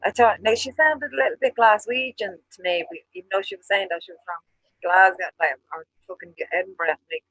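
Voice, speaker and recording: A woman's voice: mid-range voice, fairly quick, a bit bright, no echo, muffled recording. A woman from Ireland with a Dublin Irish accent, co-hosting a casual chat, swearing often and telling stories with animation. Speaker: co-host.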